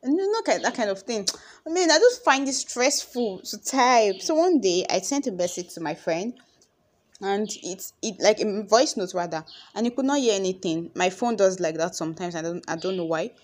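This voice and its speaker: A young woman with a Nigerian accent, talking casually to her followers in a chatty, expressive way. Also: mid-range voice, normal speed. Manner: chatty and expressive, acts out conversations. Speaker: vlogger.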